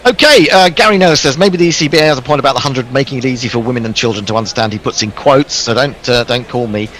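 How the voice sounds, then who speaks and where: A man's voice: mid-range voice, fast talker, fairly bright tone, rough recording. Chatty self-deprecating male co-commentator. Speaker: cricket co-commentator reading listener messages.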